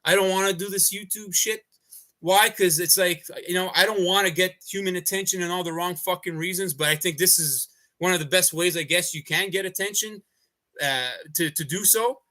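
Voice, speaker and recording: A man's voice: high-pitched, normal speed, sharp tone. A man in a livestream rant, talking in a heated, profane and rambling way. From Canada. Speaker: activist livestreamer.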